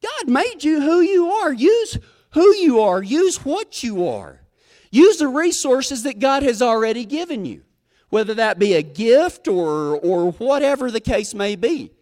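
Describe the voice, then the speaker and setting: A man's voice: very high voice, big pitch swings, measured pace, darkish tone. A man preaching a storytelling sermon as a cowboy preacher, folksy. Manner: folksy, drawling storyteller who acts out quoted voices.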